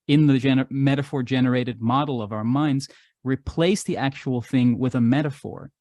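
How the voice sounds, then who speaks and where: A man's voice: mid-range voice, a little mellow, no room sound, clean studio sound. A man talking at length in casual conversation, telling stories and musing philosophically. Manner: expansive, philosophical storytelling. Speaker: regular podcast guest, artist and musician.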